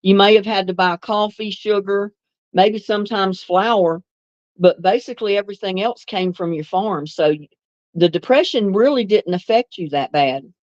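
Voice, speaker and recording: The audio has no echo and the highs are cut off, carrying a medium-pitched, somewhat mellow female voice. She's an older livestream host from North Carolina with a Southern accent mixed with some Northern, reminiscing and reading viewer comments with easy laughter.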